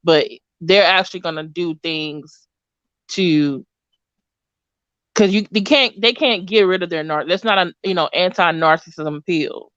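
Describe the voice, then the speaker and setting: A woman hosting a casual live chat, relaxed and rambling. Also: fairly low pitch, unhurried, no room sound. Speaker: host. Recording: dull lo-fi dry sound.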